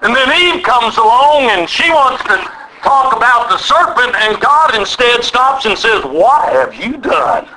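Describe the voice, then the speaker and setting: A man's voice: very high-pitched, animated, a little slow, pushed and bright, slight background noise, low-quality recording. A man preaching a sermon, acting out voices of God and Bible figures and leading the audience in call and response.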